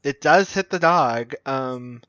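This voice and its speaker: Slow, bright-voiced male player. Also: medium pitch, no room sound, muffled recording. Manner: hesitant, laughing, many fillers. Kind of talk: describing his character's actions.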